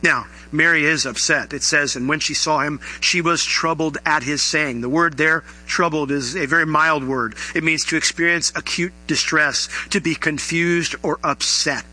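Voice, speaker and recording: A man's voice: a little high, normal speed, hardly any pauses, bright, forceful tone, rough recording. A man preaching a sermon to his congregation in an earnest, conversational way, asking the listeners rhetorical questions. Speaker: pastor.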